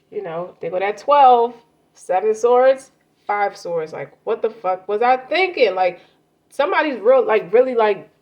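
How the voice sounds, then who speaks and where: A woman giving a casual tarot card reading, talking loosely with slang and swearing. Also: mid-range voice. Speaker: tarot reader. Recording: muffled lo-fi audio with faint noise.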